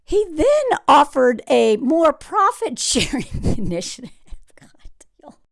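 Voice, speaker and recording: Young woman vlogger, sarcastic and emphatic, high lively pitch, dry close sound. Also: slow, creaky, no room sound. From United States. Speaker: dating commentator. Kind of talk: opinionated commentary vlog.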